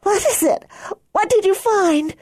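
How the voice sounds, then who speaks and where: A woman voicing a frightened teenage girl who talks in a high, trembling, crying voice in an audiobook. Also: expressive, a little slow, darkish tone, no room sound, studio quality. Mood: panicked. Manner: high trembling breathless pleading. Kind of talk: audiobook character voice.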